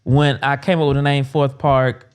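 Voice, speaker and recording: A man in his thirties, an agency owner, talking casually and with animation about business names, full of quick asides. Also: medium pitch, level tone, clear, resonant tone. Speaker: agency owner and podcast host.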